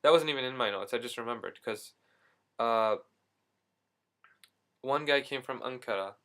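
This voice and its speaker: A young man tells travel stories to the camera in a loose, rambling vlog. He keeps breaking off for asides and corrections, and he acts out the quick reactions of the people he met along the way. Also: mid-range voice, fairly bright tone. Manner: self-correcting, frequent asides and fillers. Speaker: video diarist. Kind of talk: casual travel vlog storytelling. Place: Istanbul, Turkey.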